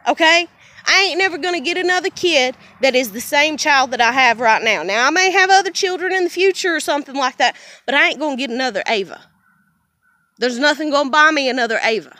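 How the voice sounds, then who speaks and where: High-voiced, blunt, swearing woman vlogger. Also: bright, forceful tone, dry recording, clean studio sound. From United States. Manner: blunt, heavy swearing, fiery. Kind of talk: emotional personal rant to camera.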